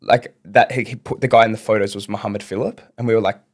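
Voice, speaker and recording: A young man, his voice sitting fairly low, tells a rambling story on a casual podcast. He stumbles through restarts and "like"s as the story tumbles out. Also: fairly even intonation. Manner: rambling, fast, lots of fillers and restarts. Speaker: podcast guest.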